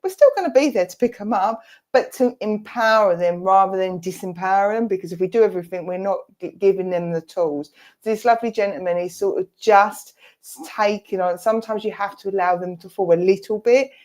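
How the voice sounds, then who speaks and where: A woman's voice: mid-range voice, fairly quick, a little mellow. A woman with an Essex accent, presenting and giving a chatty, reassuring mediumship reading. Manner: chatty, reassuring, speaks for a spirit in asides.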